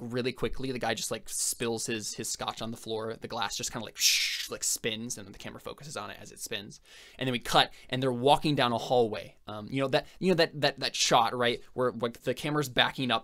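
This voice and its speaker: A young man running a tabletop game as game master, telling the scene in a casual, halting way full of fillers. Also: medium pitch, fairly bright tone. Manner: halting, filler-heavy storytelling.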